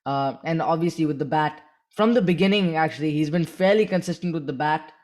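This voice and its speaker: A man co-hosting a podcast in casual chat, halting with many restarts and fillers. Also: on the high side, darkish tone. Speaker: podcast co-host.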